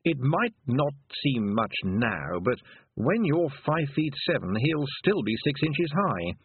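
A man voicing a dry, wry male talking toad in a storybook, speaking slowly. The sound is tinny and dry. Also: mid-range voice, big pitch swings, husky, no echo, pitched above the performer's own voice, full character voice.

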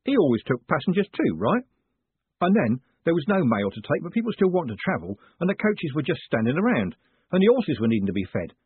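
Brief: man as a burly wary coachman, rough working-class speech, husky tinny sound. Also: on the high side, big pitch swings, fairly quick, no echo, pitched above the performer's own voice, full character voice. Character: big, wary male coachman brother. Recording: phone-like dry audiobook sound.

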